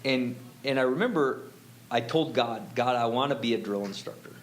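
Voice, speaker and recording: Man, mid-pitched voice, casual storytelling, lots of fillers, faint hiss behind. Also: moderate pace, rough recording. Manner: rambling, many fillers and self-quotes. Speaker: guest telling his faith story.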